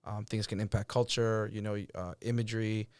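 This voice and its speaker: A man's voice: lowish voice, a little fast, clean tone. Chatty man hosting a podcast. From Boston. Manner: relaxed, chatty, full of fillers and "you know". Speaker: podcast host. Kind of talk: casual interview chat.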